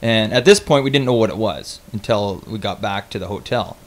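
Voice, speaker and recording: A young man casually telling a travel story on his vlog, animated and swearing freely, with lots of restarts. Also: on the low side, brisk.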